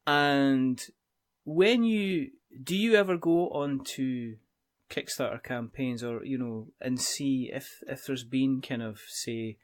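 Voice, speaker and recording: A man's voice: medium pitch, slow pace. A man hosts a podcast and puts long, meandering questions to his guest. He hedges constantly with "kind of" and "you know" as he works toward each point. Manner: rambling questions with many "kind of" fillers. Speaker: podcast host. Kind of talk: podcast interview, asking questions.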